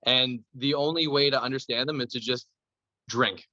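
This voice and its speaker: A man from Canada tells rambling, profane stories in relaxed podcast chat. His voice is bright and forward. The recording is dry and a little dull, with no room sound around him. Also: medium pitch, moderate pace, no room sound. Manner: loose, profane storytelling. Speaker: podcast guest.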